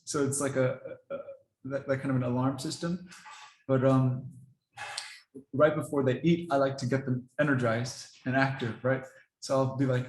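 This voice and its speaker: Relaxed man in an echoey space. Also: mid-range voice, brisk, a little hiss or hum. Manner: relaxed and rambling, laughs often. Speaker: dog owner explaining training. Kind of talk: casual talk to camera.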